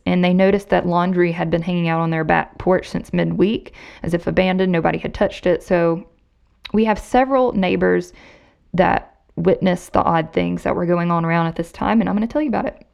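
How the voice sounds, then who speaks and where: A woman's voice: fairly low pitch, creaky, darkish tone, dull audio. A woman hosting a podcast, casually recounting a true crime case to her co-host and reading quotes with emphasis. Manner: conversational, reads quotes with emphasis.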